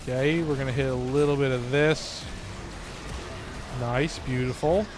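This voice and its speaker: A man's voice: mid-range voice, steady tone, a little slow, over music. A man with a Californian accent chatting loosely and swearing while streaming a game. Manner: loose and joking, swears often. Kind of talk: casual live-stream chat while gaming.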